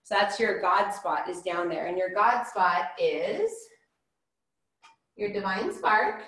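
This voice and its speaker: A woman leads an informal spiritual class and explains things in a loose, chatty way, doubling back on her words. Her voice sits at an ordinary middle pitch. The room around her echoes noticeably. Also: expressive, slow pace, a bit bright. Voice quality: rambling, chatty, many restarts and fillers. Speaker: spiritual teacher.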